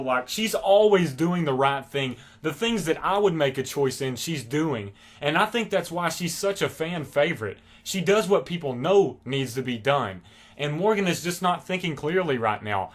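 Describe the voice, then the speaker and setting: A man's voice: on the high side, a bit bright. A young man reviewing a TV episode, talking casually and enthusiastically with lots of fillers and rambling asides.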